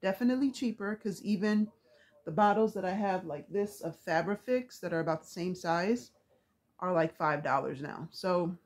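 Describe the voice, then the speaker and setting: Woman with hiccups rambling about craft stuff, kinda low voice, lots of um and you know. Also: darkish tone. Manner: chatty, rambling, many fillers. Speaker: craft vlogger. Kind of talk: casual craft supply show-and-tell.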